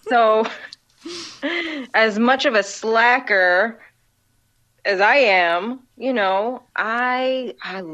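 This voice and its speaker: A woman's voice: on the high side, drawn-out words, long pauses, fairly bright tone, lo-fi sound. A woman guest on a podcast, chatting in a laid-back way with many restarts. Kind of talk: casual chat.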